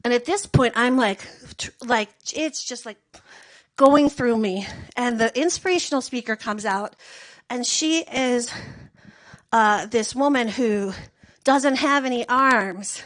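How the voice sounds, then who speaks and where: A woman with a high voice tells a long personal story. She swears freely, rambles and gets animated as she tells it. She sounds like she is in her thirties. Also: takes it slowly, poor audio. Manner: profane, rambling, animated retelling.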